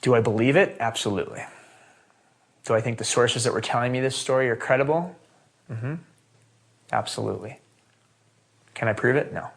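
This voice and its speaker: A man's voice: mid-range voice, fast. A man in an interview, earnestly recounting and questioning his own past actions. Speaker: interviewee, expedition member. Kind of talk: reflective interview testimony. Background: music.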